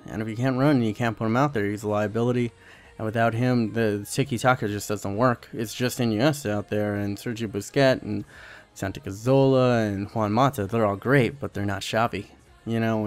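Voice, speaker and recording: Casual young male gameplay commentator. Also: fairly low pitch. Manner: rambling, many fillers and restarts. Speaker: gaming channel host.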